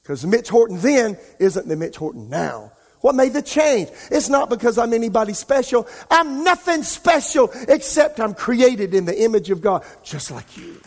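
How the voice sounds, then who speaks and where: High-pitched pastor preaching. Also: male voice, very animated, normal speed, hardly any pauses. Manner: impassioned, rising and falling in loudness. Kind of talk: sermon. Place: church sanctuary. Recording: long reverb of a large church hall.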